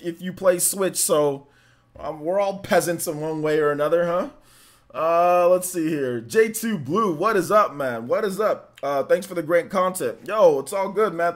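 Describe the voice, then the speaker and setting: A man hosting a casual gaming livestream, upbeat and rambling as he greets chatters by name. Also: a little high. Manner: loose and rambling, many fillers. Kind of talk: casual live-stream chat.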